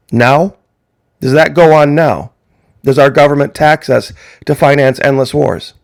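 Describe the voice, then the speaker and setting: A man's voice: mid-range voice, gravelly, no echo, studio quality. A man giving a political opinion monologue as a commentator, talking emphatically and asking the audience rhetorical questions.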